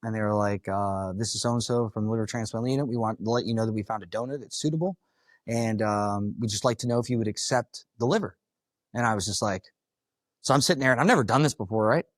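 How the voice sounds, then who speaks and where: A man's voice: lowish voice, quick pace, no echo. A man from Florida, a firefighter, telling his own story to a live audience in a blunt, casual, profane way. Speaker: firefighter giving a talk. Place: conference room.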